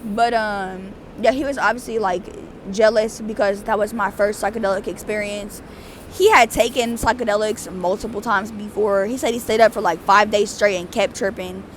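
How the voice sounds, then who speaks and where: A woman's voice: mid-range voice, normal speed, a little hiss or hum. A young adult woman vlogger telling a story in a casual, rambling way, full of fillers. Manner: rambling, animated, with many fillers.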